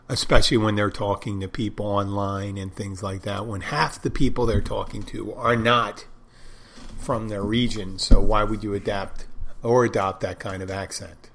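A podcast host speaks solo in a casual monologue, rambling and digressing as he thinks out loud. His voice sits fairly low and sounds a bit bright.

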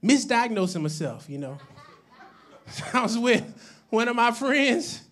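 A man delivers a sermon at a high pitch for his sex, calling out to a live congregation for responses. He swings between shouted declarations and hushed asides, breaking into chatty, joking stories. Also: sing-song, slow pace. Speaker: pastor. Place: church service with live congregation.

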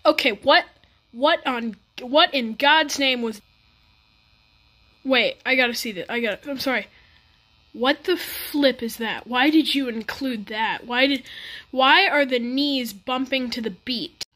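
High, bright, exasperated woman reacting. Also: unhurried. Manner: bewildered, exasperated running commentary with stammered restarts. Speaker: reaction video host. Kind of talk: comedic music video reaction.

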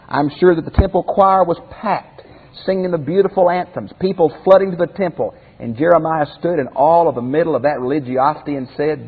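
A man's voice: a little high, slightly rough, in a large hall, narrow, tinny audio. A man teaching a Bible commentary lesson as a pastor in a folksy way, asking his listeners rhetorical questions.

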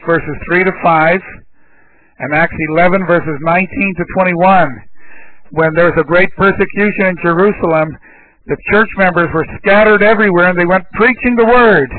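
High-voiced preacher on a tinny recording. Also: male voice. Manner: emotional, rises to loud exclamations of praise. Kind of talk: sermon.

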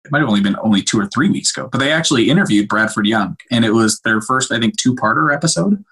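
A young man, a cinematographer, chatting casually on a podcast in an animated, emotional way with many restarts. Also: mid-range voice, fast, breathy edge. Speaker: cinematographer guest.

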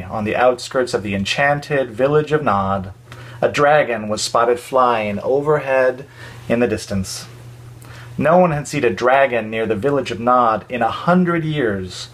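Man reading a children's storybook. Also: mid-range voice. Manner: warm, expressive storybook delivery with dramatic pauses.

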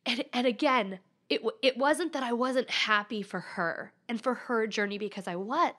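Bright-voiced woman telling a heartfelt story. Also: a little high, normal speed. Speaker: podcast guest. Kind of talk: personal storytelling in an interview.

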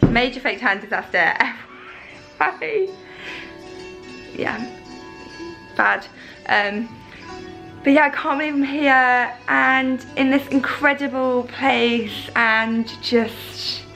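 A young woman vlogging her trip, gushing excitedly as she shows off a hotel room on a handheld camera. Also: fairly high pitch, vocal fry, poor audio. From Ireland. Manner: excitable, gushing, breathless asides. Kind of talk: travel vlog.

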